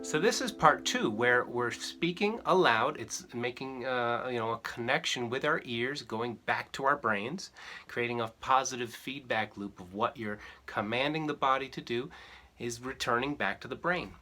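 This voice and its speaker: A man teaching a ukulele lesson in a relaxed, explanatory way, sometimes chanting rhythm syllables. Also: medium pitch, normal speed, soft background music. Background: ukulele strumming.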